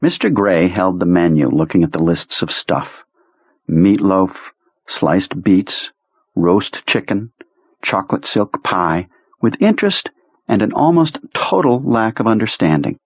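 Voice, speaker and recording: A man reading a novel aloud in steady, measured audiobook narration. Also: low voice, slightly rough, dry recording. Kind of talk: scripted narration. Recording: dull lo-fi dry sound.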